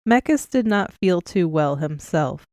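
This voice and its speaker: A woman reads an audiobook with a smooth, clear, slightly low voice. Her telling is even and measured. The recording is close and dry. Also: no echo. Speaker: audiobook narrator. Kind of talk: scripted narration.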